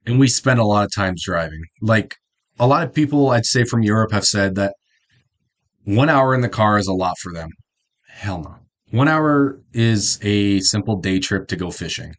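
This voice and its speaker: A man's voice: fairly low pitch, animated, normal speed. A young man with a Midwestern American accent, hosting a reaction video and chatting in a loose, rambling way. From South Dakota, US Midwest. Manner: rambling, informal, self-correcting. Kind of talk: casual commentary.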